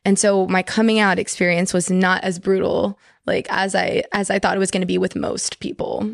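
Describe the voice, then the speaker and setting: A woman's voice: mid-range voice, level tone, moderate pace, creaky, dry recording, studio quality. A young woman from Texas, a podcast guest telling a personal story in casual chat, full of "like" fillers.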